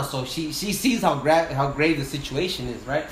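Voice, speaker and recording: A man with a slightly raised voice tells a firefighting story in casual conversation. His telling is animated and full of swearing, and he acts out the voices of the people in it. The room sounds echoey, with faint background noise. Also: a little high, moderate pace. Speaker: wildland firefighter and sawyer.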